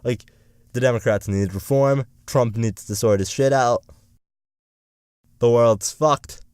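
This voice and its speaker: Taking it slowly, a young man vents about politics in a meandering vlog full of sarcasm and cursing. His smooth, clear voice has a middle pitch and a darkish tone, recorded close and dry without any room sound.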